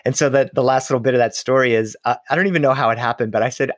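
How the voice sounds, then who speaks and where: A middle-aged man and storyteller speaking in a lively, conversational way, slowing down to linger on details. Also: mid-range voice, no room sound, clean studio sound. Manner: animated, slows down on details, many restarts. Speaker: storyteller and author.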